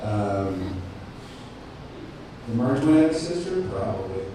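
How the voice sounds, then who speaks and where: A man's voice: on the low side, very animated, slow. A man doing a rambling, self-deprecating stand-up set at an open mic, with lots of ums and restarts. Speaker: stand-up comic. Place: cafe open mic, indoors. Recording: very echoey room, distant mic, faint noise.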